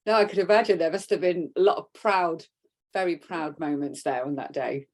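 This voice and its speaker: A woman's voice: lowish voice, moderate pace. A woman hosting a video interview, upbeat and friendly as she introduces her guest.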